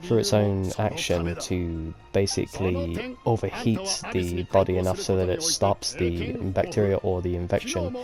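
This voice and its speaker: A man's voice: deep voice, big pitch swings, unhurried, few pauses. Rambling man musing over game music. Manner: rambling, musing aloud with fillers. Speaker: let's play gamer. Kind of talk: casual gameplay commentary. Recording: game music playing behind.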